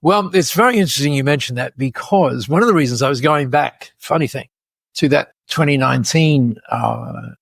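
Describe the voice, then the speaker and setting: A man in his later years, a podcast guest, telling stories in a lively way, laughing often and restarting his sentences. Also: mid-range voice, moderate pace, gravelly, no echo. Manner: animated, laughing storyteller with many restarts. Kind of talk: storytelling in conversation.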